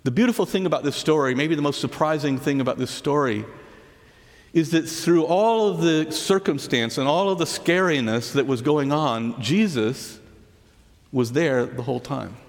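A man with a slightly high voice preaches a sermon in a hall with a long, lingering echo. He tells the story earnestly. He drops to soft, hushed words when he reaches the key lines. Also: moderate pace. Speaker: pastor.

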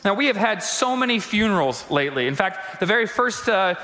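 A male pastor preaching a conversational sermon in a church, acting out quotes and slowing down for emphasis. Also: high voice, sing-song, sharp tone, in a large hall. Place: church sanctuary.

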